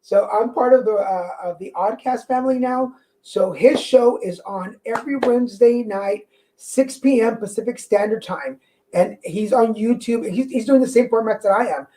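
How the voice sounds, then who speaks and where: Excitable woman hosting a livestream. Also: fairly high pitch, moderate pace, slight background noise, rough recording. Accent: slight Mexican. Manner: chatty, excitable, restarts often. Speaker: livestream tarot reader host. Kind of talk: casual livestream chat to viewers. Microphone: corded mic.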